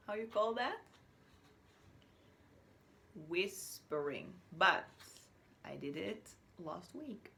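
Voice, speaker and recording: A woman teacher from Chile giving a slow, patient recorded spelling lesson to young children, now and then whispering or acting out a word. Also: mid-range voice, very animated, vocal fry, pushed and bright, a little hiss or hum. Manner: patient, drawn-out words, whispers or acts out words as examples.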